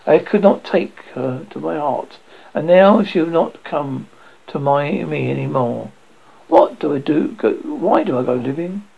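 Man narrating horror, gravelly, husky, tense, dull lo-fi recording. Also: fairly high pitch, animated, measured pace. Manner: tense, lingering on dread. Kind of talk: dramatic reading of a classic horror story.

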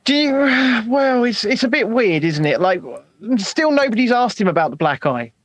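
Exasperated man, high and dry. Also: big pitch swings, moderate pace, no echo. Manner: exasperated, sweary, repeats himself. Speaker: co-host of a live-streamed chat show. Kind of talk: casual chat.

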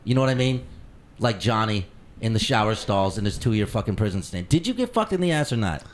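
A man hosting a casual podcast, ranting loudly with mock anger and lots of swearing. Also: fairly low pitch, big pitch swings, brisk, slight background noise. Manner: profane, loud mock-angry rants. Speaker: podcast host.

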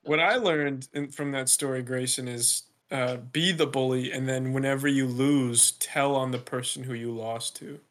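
A man's voice: medium pitch, fairly even intonation, moderate pace, few pauses, a bit bright. Male co-host, casual and wry, short reactions; mid-range voice. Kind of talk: casual chat.

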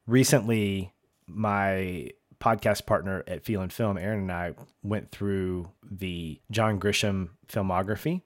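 A man's voice: sits low, steady tone, unhurried, dry recording. Laughing man, dry close sound. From American South. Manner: enthusiastic, laughs often, gushing. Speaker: podcast co-host. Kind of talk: casual chat recapping a TV show.

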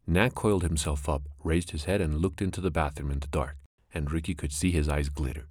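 A man narrating a classic animal story in a measured, expressive way. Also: extremely low pitch, no room sound, studio quality.

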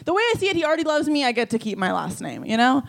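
A woman in her twenties doing a self-deprecating stand-up comedy set in a small bar, delivering deadpan punchlines and breaking into giggles. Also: high voice, very fast, gravelly.

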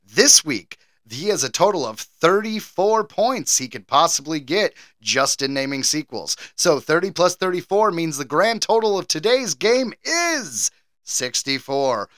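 Male podcast co-host, bright and lively, quick to laugh, dry close recording. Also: on the high side, dry recording. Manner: animated, laughs often, jokey. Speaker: game show quizmaster. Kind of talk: casual podcast chat.

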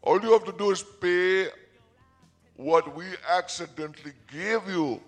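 A man's voice: high voice, a little slow, faint music behind, pitched above the performer's own voice. A man voicing a pushy male phone scammer in a small, sticky voice. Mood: coaxing.

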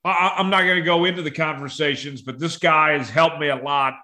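Bright-voiced male podcast host. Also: on the high side, fairly even intonation. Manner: warm praise, halting with many uh fillers. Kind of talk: casual podcast interview.

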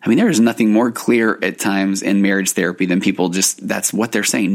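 Low, gravelly-voiced man explaining earnestly. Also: normal speed, few pauses. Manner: earnest and explanatory, acts out quoted partners. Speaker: couples therapist and podcast host. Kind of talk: casual podcast talk.

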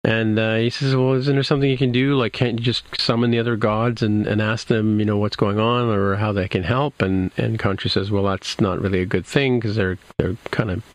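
A man's voice: fairly low pitch, steady tone, moderate pace, few pauses, dry recording. A man in casual chat, rambling through a recap with many restarts and fillers. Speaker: podcast co-host recapping a TV episode.

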